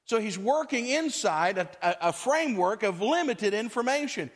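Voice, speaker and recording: A man's voice: high-pitched, animated, moderate pace. A man preaching a sermon as pastor, talking to his congregation in a conversational way and acting out quotes.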